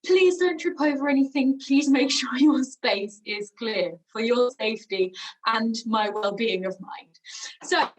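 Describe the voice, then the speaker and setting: A woman with a British accent leads a group warm-up game over a video call, moving around the room and slightly out of breath as she gives instructions. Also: a little high, measured pace. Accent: British English. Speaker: singing workshop leader. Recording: voice from a distance from the mic.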